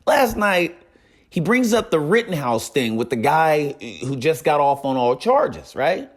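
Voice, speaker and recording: A young man with a fairly high voice spins a casual story to his viewers. He talks in an animated way, keeps coming back to a catchphrase and acts out the other people's lines. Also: measured pace. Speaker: streamer telling a story.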